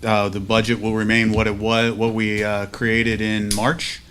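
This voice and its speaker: A man chairing a school board meeting, halting and restarting with fillers as he walks through procedure. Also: lowish voice, completely flat delivery, fairly bright tone, a little hiss or hum.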